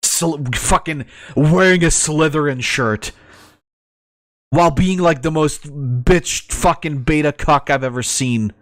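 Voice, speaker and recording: A man's voice: fairly high pitch, takes it slowly, no room sound, studio quality. A male streamer reacting to a video, ranting profanely and laughing often.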